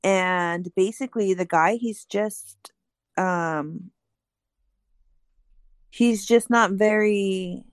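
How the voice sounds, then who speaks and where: A woman's voice: mid-range voice, very slow, long pauses, dry recording, clean studio sound. A woman on a casual podcast, reading out and explaining a news story with frequent ums and restarts. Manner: explanatory, reads aloud with many ums.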